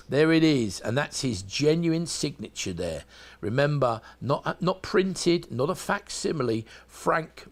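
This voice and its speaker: A man with a South London accent, presenting home shopping in a chatty sales pitch that speaks straight to viewers. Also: vocal fry.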